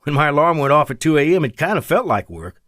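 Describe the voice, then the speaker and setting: A jittery young fighter pilot with an Appalachian twang, put on by a man narrating. His voice sits higher and moves quicker than the narrator's own. It is heard in a dry, close studio read. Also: sing-song, a bit bright, dry recording. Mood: worried. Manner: jittery, fast, high-strung. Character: young nervous male fighter pilot, joking.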